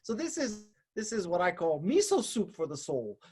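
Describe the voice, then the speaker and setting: A man's voice: high-pitched, sing-song, moderate pace, darkish tone, husky. A man in his fifties talking as an author guest on a podcast, joking and laughing at himself. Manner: self-deprecating, joking, laughs often. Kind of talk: casual interview chat.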